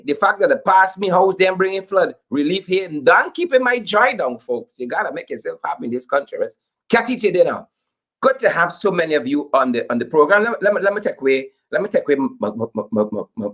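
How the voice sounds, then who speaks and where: Guyanese guy hosting his commentary show, kinda high voice, jokey, says stuff twice. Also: brisk. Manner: animated, joking, repeats phrases for emphasis. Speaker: host.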